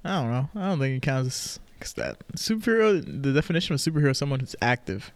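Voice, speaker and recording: A man's voice: medium pitch, big pitch swings, fast talker, dry recording. A young man co-hosting a podcast, chatting casually, teasing his friend, with loose filler words. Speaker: podcast co-host. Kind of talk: casual chat.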